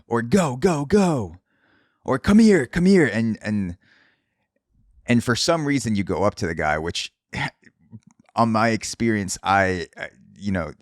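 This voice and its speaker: Low-voiced man with a dry close sound. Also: clean tone, no echo. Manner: animated storytelling, acts out quoted voices, swears casually. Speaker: podcast host. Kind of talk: solo podcast monologue. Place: Brooklyn, New York.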